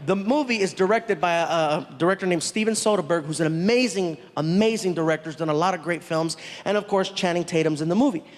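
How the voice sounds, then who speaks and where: Animated comedian man on a reverberant stage. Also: sits high, fast, few pauses. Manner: animated, acts out characters and shouts punchlines. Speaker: stand-up comedian. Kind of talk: stand-up storytelling. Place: live theater stage before an audience. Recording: live hall recording with reverb.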